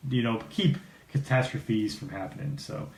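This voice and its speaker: A man co-hosting a podcast, explaining comics in a relaxed, meandering way. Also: lowish voice, normal speed, far from the mic. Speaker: podcast co-host. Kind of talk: casual chat about comics. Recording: roomy room, faint noise.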